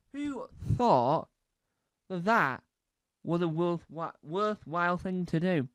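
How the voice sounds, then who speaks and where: A man's voice: sits high, clear, resonant tone, no room sound. A man doing rambling, playful stand-up comedy, repeating words for laughs.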